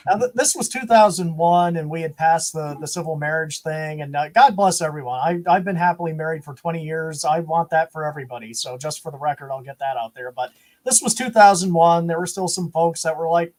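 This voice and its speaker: Animated storytelling man, high voice. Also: fairly quick, low-quality recording. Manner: animated storyteller who acts out quoted voices. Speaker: podcast guest, former wrestling announcer. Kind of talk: casual storytelling chat.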